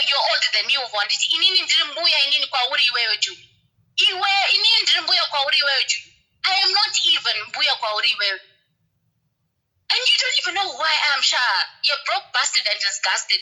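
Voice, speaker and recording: A woman's voice: high-pitched, very animated, fairly quick, sharp tone, rough recording. A woman caller, indignant, switching between English and Shona on a call-in show. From Zimbabwe. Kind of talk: heated call-in complaint.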